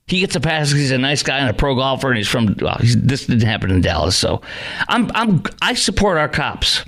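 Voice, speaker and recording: A man's voice: medium pitch, sing-song, normal speed, a bit bright. Male radio host with a mid-range voice, opinionated and emphatic, heard on a studio mic. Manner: emphatic, rhetorical questions. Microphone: studio microphone.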